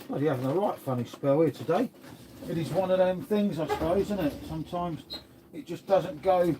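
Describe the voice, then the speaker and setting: A man's voice: fairly high pitch, warm tone, a little hiss or hum. An English man chatting casually on a live stream, answering viewer comments in a laid-back way and calling everyone mate.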